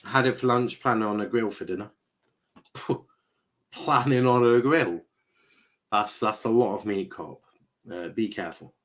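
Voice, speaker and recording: A young man hosts a live football watchalong, reading viewer comments in casual chat. His lowish, slightly bright voice moves at a moderate pace with frequent pauses, and he rambles, stumbles over words and swears now and then.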